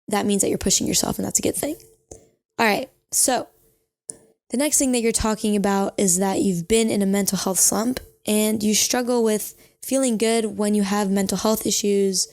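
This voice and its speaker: A young woman with a mid-range, darkish voice hosts a casual advice podcast, chatty and reflective as she offers reassuring advice. She uses lots of filler words, including frequent "you know," and often corrects herself.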